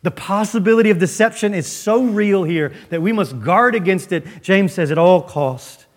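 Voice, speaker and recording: Male pastor, slightly raised pitch; emphatic sermon delivery, dramatic pauses, dips to near-whisper. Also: animated. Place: church.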